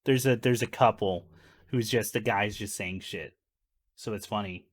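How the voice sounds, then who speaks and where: A man's voice: on the low side, normal speed. A man co-hosting a casual movie podcast, telling stories with laughter and swearing. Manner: laughing, profane storyteller. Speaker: podcast co-host. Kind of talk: casual movie-review chat.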